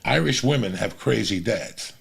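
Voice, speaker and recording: A man's voice: lowish voice, animated, normal speed, vocal fry, a bit bright. A middle-aged man from the New York City area, hosting a podcast and telling crude, rambling stories full of profanity. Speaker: podcast host. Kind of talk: casual storytelling chat.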